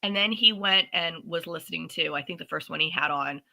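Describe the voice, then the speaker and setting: Bright-voiced woman, lively chat. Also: lowish voice, fairly quick, vocal fry, rough recording. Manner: animated storytelling with voiced asides. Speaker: podcast co-host. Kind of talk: casual chat.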